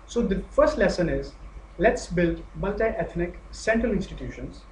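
A man from Pakistan with a Pakistani accent, giving an academic lecture in a measured way, pausing with fillers and restarts. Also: high voice, animated. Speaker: guest lecturer. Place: lecture hall. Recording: echoey hall with faint noise.

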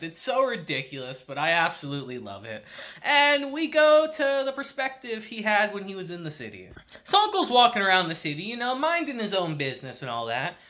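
Woman, anime reviewer, casual recap, laughs a lot, slangy, lively swoops, bright tone. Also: mid-range voice. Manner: laughs often, slangy and profane.

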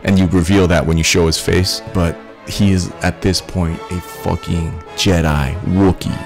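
A man ranting in a casual, profane, rambling way that builds to excited shouting. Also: sits low, creaky. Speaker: vlogger.

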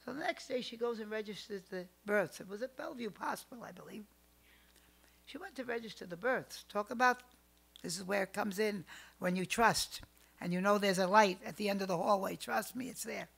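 An older woman telling family stories as a podcast guest, animated, swinging between loud outbursts and hushed asides. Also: mid-range voice, brisk, gravelly, husky. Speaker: psychic guest. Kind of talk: storytelling in a podcast interview.

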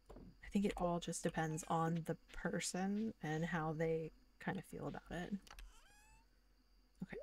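A woman's voice: on the low side, a little hiss or hum. A woman streaming a farming game, chatting casually and rambling with lots of filler words. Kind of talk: casual gaming commentary.

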